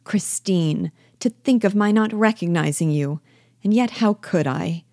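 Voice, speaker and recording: A woman reading the part of a lively, chattering young wife in a play, her lines rising high when excited. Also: a little slow, no room sound, studio quality. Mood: eager.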